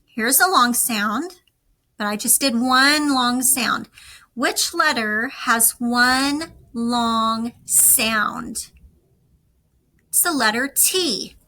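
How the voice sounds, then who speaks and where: A woman teaching a recorded lesson, speaking slowly and deliberately to young students. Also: on the high side, bright, forceful tone, low-quality recording. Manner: slow, deliberate, instructive.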